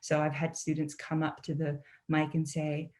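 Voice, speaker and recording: A woman's voice: deep voice, monotone, moderate pace, darkish tone. A young adult woman from a Mi'kmaq community in Canada, giving an earnest, conversational talk as a poet and author over a video call, often asking "right?" and saying "you know". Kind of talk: online presentation talk.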